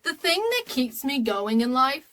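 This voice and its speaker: A woman's voice: on the high side, measured pace, a bit bright. A woman in her twenties talking casually to camera in a rambling, chatty, earnest way. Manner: earnest and openly emotional. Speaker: vlogger.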